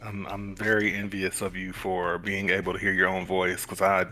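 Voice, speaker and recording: A man's voice: low voice, flat delivery, normal speed, sharp tone, soft background music. A man chatting as a guest on a live stream, hesitant and self-conscious, with nervous laughs. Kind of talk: casual live-stream chat.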